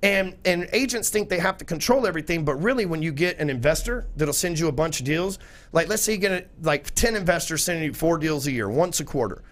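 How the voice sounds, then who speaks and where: A man's voice: on the high side, lively intonation, fast, a bit bright. A man, a podcast guest talking in a blunt, profane, salesy way. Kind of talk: casual chat.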